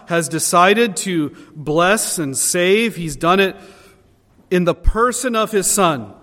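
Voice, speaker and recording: A man's voice: sits high, a bit bright. A man preaching a sermon as pastor, earnest, building emphasis on key phrases. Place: church sanctuary. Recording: long reverb of a hall.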